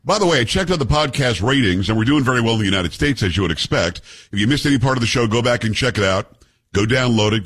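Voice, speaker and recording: A middle-aged man hosting a talk radio show, speaking close to a studio microphone. His voice has a husky edge, and he drifts from promos into loose, joking asides with his co-host. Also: medium pitch, a bit bright. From Texas. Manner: chatty, joking, name-dropping asides. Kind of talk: casual radio chat.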